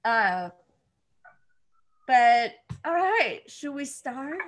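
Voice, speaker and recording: A woman's voice: high voice, sing-song, extremely slow. A woman hosting a livestream, chatting casually and greeting viewers by name with a giggly manner. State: nervous. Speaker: livestream host. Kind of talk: casual chat.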